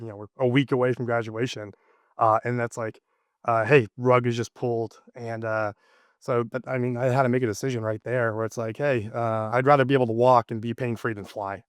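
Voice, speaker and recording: A man's voice: mid-range voice, clean tone, no echo, clean studio sound. A man in his thirties, the guest in an interview, telling a personal story casually with many fillers and restarts. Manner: rambling, lots of fillers and restarts.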